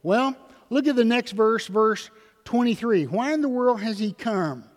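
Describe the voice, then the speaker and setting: An older man preaching a sermon in a church, rising loud then dropping soft, with questions to the congregation. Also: very high-pitched, lively intonation, measured pace, big-room sound. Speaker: pastor. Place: church sanctuary.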